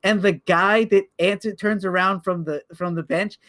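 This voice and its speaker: Man, podcast co-host, high voice, excitable storytelling, repeats words. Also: moderate pace. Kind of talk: casual podcast chat.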